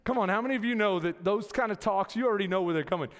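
A middle-aged pastor delivers a sermon in a church sanctuary before his congregation, his voice high-pitched and his delivery very fast. He tells stories with animation and calls out to the listeners, and the recording carries the long reverb of a large hall.

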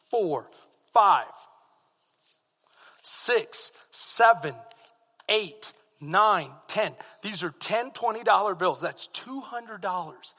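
A man with a Texan accent preaching a sermon as pastor, swinging from quiet asides to fervent exclamations. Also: high voice, big-room sound.

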